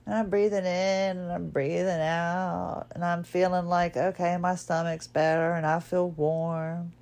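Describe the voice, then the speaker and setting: A woman's voice: on the low side, flat delivery, a little slow, darkish tone. A woman hosting a podcast, telling a personal story in a chatty, self-deprecating way and laughing at herself. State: wearing a neck collar, recovering from illness. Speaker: podcast host.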